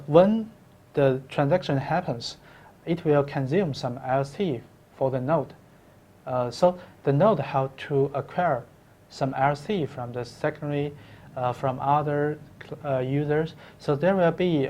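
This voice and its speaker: Halting man answering interview questions. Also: fairly high pitch, a little mellow. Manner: halting, with many fillers and restarts. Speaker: company co-founder guest.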